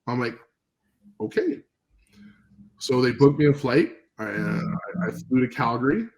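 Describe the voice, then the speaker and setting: A man from Canada, a podcast guest, telling stories in a relaxed, rambling way with fillers, acting out old phone calls. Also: mid-range voice, unhurried, poor audio. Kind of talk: casual storytelling interview.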